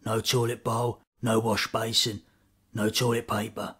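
A man delivering a mock-serious comic monologue in a deadpan, grandly formal manner. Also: fairly low pitch, unhurried, breathy edge.

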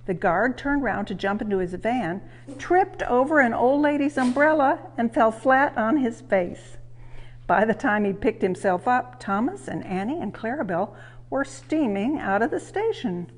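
A woman's voice: medium pitch, normal speed. Woman reading a train story aloud. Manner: warm, lively, expressive reading. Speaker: storyteller, museum host. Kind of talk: children's read-aloud. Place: railway museum.

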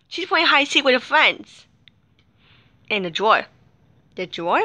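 A woman acting out a toy play with several characters, switching quickly between them in back-and-forth dialogue with sudden shrieks. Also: high voice, big pitch swings, pushed and bright.

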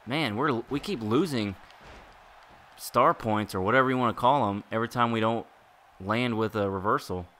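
A man giving excitable live commentary while playing a wrestling video game, groaning and exclaiming at each turn. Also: medium pitch, moderate pace. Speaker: gaming YouTuber.

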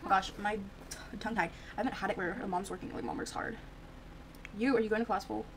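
Over a noisy background, a young female Sims streamer talks fast in a medium-pitched, steady voice. She keeps up casual, filler-heavy chatter, reacting out loud to her life-sim game.

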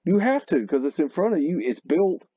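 A man hosting a video, talking loosely and excitedly over photos, often exclaiming and swearing. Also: on the high side, fairly quick, slightly rough, dry recording, highs cut off. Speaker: video host. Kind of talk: rambling commentary over photos.

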